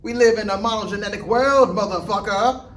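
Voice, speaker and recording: A man's voice: high voice, a little fast, fairly bright tone, pitched above the performer's own voice. A man putting on a parody of an angry young comic ranting profanely about politics. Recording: distant mic with faint ambience.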